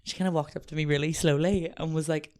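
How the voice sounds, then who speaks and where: A young woman with a Northern Irish accent, a guest stylist telling stories in casual podcast chat, with constant "like" and lively acted-out quotes. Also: sits low, fast. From Northern Ireland.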